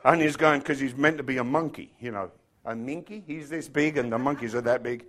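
A man's voice: medium pitch, fairly quick, a bit bright. A middle-aged man from England with an English accent, preaching a chatty, joking sermon to his congregation. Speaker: pastor. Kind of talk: casual sermon.

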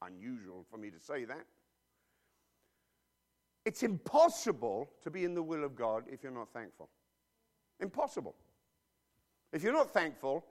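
A preacher delivers a sermon emphatically and bluntly, using informal slang and peppering his listeners with rhetorical questions. His pitch runs fairly high.

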